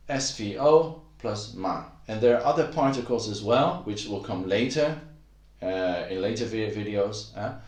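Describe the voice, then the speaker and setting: Low-voiced man teaching in an echoey room. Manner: explains slowly with many fillers, acts out example sentences. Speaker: Chinese language teacher. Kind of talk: casual spoken lesson.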